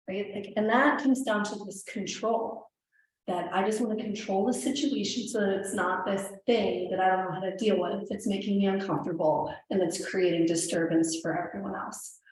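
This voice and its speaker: Slightly hoarse woman in a very echoey studio. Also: mid-range voice, steady tone, moderate pace, a little hiss or hum. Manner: chatty, storytelling, many "like" asides. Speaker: yoga teacher. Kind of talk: casual class talk. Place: yoga studio. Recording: very echoey room with faint ambience.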